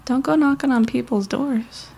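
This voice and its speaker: A young woman from Long Island with a mild Long Island accent, co-hosting a podcast in casual chat, blunt and quick to laugh. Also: high-pitched, gravelly, a little mellow. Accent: Long Island, New York (mild). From Long Island, New York. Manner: laughs often, chatty and blunt. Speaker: podcast co-host.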